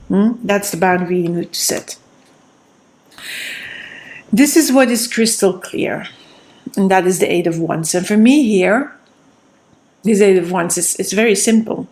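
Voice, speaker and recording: A woman's voice: medium pitch, a little slow, long pauses, a little mellow. A woman giving a tarot card reading, offering earnest, repetitive advice straight to her viewers. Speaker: tarot reader.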